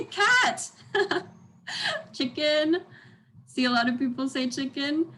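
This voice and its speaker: A woman's voice: sits high, lively intonation, slow, sharp tone, rough recording. A young woman teaching an online language workshop over a video call, upbeat and encouraging, modeling sounds for the class to repeat. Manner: upbeat, encouraging, demonstrates tones aloud.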